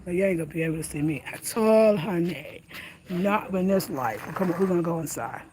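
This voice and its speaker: A woman's voice: lowish voice, brisk, a little mellow. Chatty lady vlogging on her phone, laughs a lot, bit of hiss behind her. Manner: chatty, laughs often, Southern US slang. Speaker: home vlogger. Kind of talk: casual chat to camera. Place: outdoors at night on a country road, then indoors at home.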